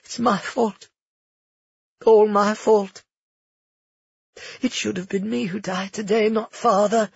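A young sorceress princess, swinging between guilt and fury, as a male narrator puts her on. She hisses and whispers in a husky, lifted voice. The sound is dull and dry. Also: high-pitched, fairly even intonation, takes it slowly, pauses often, no echo, pitched above the performer's own voice, exaggerated voice. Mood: despairing.

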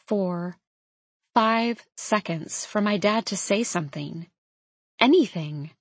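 Reading a novel in the first person, a female audiobook narrator keeps her delivery calm and measured. Her pitch is an ordinary middle. The scripted narration is recorded dry and close, with no room sound.

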